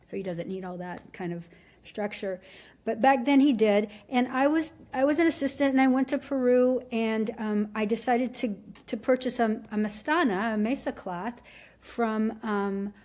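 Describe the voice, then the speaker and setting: A middle-aged woman from Alaska, a podcast guest telling her story in a casual, halting way with many restarts. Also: a little high, darkish tone. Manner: halting, full of restarts and fillers. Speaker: podcast guest, shamanic teacher.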